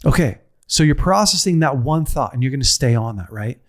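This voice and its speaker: A middle-aged man giving a heartfelt teaching talk, telling a personal story with repetition, restarts and a pace that swings from slow to rushed. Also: medium pitch, expressive. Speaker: speaker on a men's ministry show.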